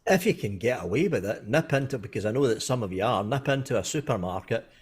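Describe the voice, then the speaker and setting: A man's voice: mid-range voice, animated, quick pace, breathy edge. A man in a casual podcast chat, mostly reacting briefly and giving blunt advice with some swearing. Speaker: show co-host.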